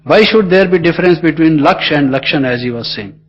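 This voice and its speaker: A man's voice: fairly high pitch, rapid-fire. A man with an Indian English accent giving an earnest, emphatic spiritual class with repetitive phrasing. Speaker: spiritual teacher. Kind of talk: meditation class talk. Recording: dull lo-fi recording.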